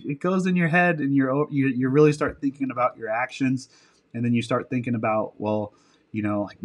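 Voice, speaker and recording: Speaking at normal speed, he has a mid-range, steady, somewhat dark voice. The podcast guest, a military dog handler, rambles through casual interview stories, cursing lightly and correcting himself partway through sentences.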